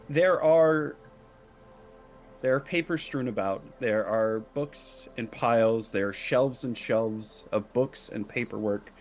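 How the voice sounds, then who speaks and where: A man narrating a tabletop game as game master, describing scenes in a halting way with many fillers and restarts. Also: mid-range voice.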